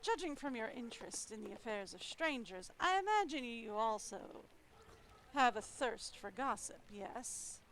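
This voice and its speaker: A cool, preoccupied gentleman at a café table, speaking in a mock Irish lilt that rides higher than his station suggests, as a woman puts him on. He sounds faintly cynical and a little smug. A soft, steady hiss sits under his lines. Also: a little slow. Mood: aloof. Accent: put-on Irish. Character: aloof foreign gentleman at a café.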